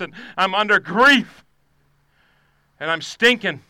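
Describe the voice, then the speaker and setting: Bright, crisp-voiced preaching man. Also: moderate pace, no echo. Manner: swings from shouted preaching to quiet, low confiding. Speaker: pastor. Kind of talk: sermon.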